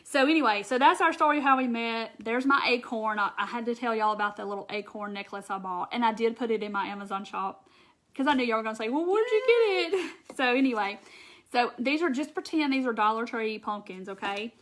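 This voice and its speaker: A woman's voice: fairly high pitch, fairly quick, a bit bright. A Southern woman from Mississippi hosting a casual craft livestream, folksy and chatty, reading viewer comments aloud.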